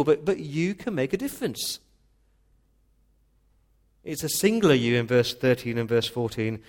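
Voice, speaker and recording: A man's voice: mid-range voice, a little mellow. A male pastor preaching a sermon in an earnest, emphatic way, often restarting words.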